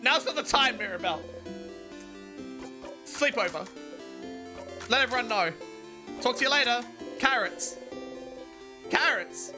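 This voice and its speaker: A streamer playing a story game live, reading its narration aloud with dramatic flair and breaking into loud, excited outbursts. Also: mid-range voice, a little slow, long pauses. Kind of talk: live let's-play commentary, reading game text aloud. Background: game music.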